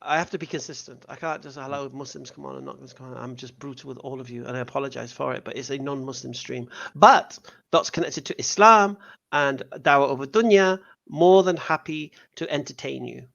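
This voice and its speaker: A man's voice: mid-range voice, fairly quick, gravelly, lo-fi sound. A man hosting a livestream debate show, teasing callers and joking around in casual banter. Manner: teasing, playful, loud bursts.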